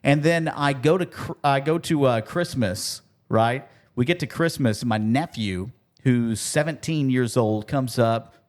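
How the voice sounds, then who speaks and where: Radio man on a podcast mic, spins animated stories and voices the quotes. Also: mid-range voice, a little slow, few pauses. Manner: animated storyteller, acts out quotes. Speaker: radio host guest. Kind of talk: casual podcast chat.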